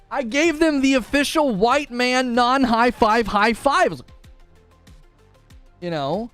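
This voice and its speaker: High-voiced guy streaming, swoops all over, yells a lot, jokey. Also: moderate pace, soft background music. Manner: animated, jokey, often yelling. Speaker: live stream host. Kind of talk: casual live stream chat.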